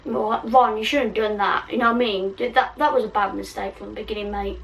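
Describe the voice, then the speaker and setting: A woman's voice: mid-range voice, fairly even intonation, fairly quick, gravelly, distant mic, slight background noise, rough recording. A woman reading her own fan fiction aloud in a casual way, giggling and poking fun at herself, stumbling over words. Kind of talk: casual story reading with asides.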